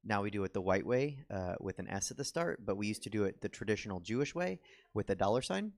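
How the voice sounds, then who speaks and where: A man's voice: fairly low pitch, expressive, fast, gravelly, a little mellow. A young man doing a stand-up comedy set on a theater stage, rambling and self-deprecating with lots of ums and restarts.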